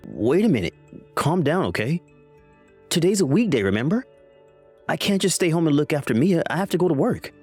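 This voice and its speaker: A man reading the messages of a defensive, lying adult son in a text-message story, with soft music behind him. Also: a little high, very animated, a little fast, long pauses, slightly rough, full character voice. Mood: dismissive. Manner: defensive, dismissive.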